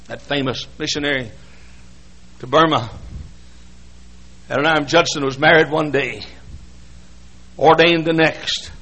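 A male preacher telling stories in a sermon, often rising to shouted emphasis. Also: mid-range voice, slightly rough, rough recording. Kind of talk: sermon with storytelling.

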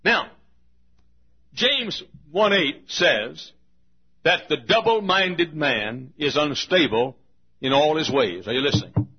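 A man preaching a sermon as pastor to his congregation, slow and emphatic, repeating key phrases and urging the listeners to pay attention. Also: a little high, expressive, slightly rough, lo-fi sound. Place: large auditorium.

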